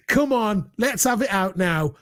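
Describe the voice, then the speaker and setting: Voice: mid-range voice, creaky, pushed and bright, dry recording, studio quality. A co-host in a casual chat, teasing and argumentative, laughing often. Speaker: podcast co-host.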